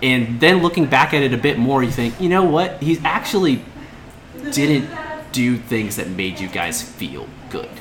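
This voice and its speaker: A man's voice: medium pitch, animated, a little slow, background noise. A young man running a tabletop game as game master, narrating casually with fillers and restarts. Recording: roomy room with crowd chatter.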